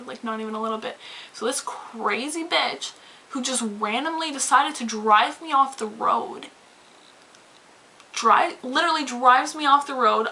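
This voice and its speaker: Woman vlogger, bright higher voice, animated profane storytime rant, faint hiss. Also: poor audio. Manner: animated, swearing, rambling with many "like"s. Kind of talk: casual storytime rant to camera.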